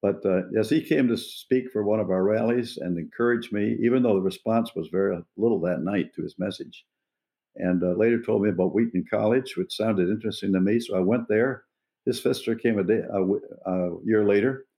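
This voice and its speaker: Gravelly, dark-voiced man in his eighties. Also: lowish voice. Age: 80s. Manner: earnest, unhurried, pausing to find words. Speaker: evangelist guest. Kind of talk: reflective personal storytelling.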